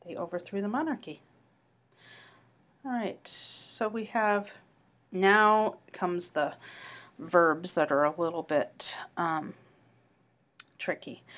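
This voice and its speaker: Slow, patient woman teacher. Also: lowish voice. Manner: patient, explanatory, stresses French pronunciation. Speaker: French teacher. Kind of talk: online class review lecture.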